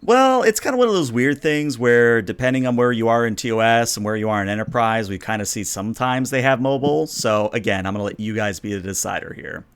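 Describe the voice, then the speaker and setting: A man running a tabletop game as game master, describing scenes in a relaxed way with frequent fillers. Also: medium pitch, fast talker, hardly any pauses, clean tone.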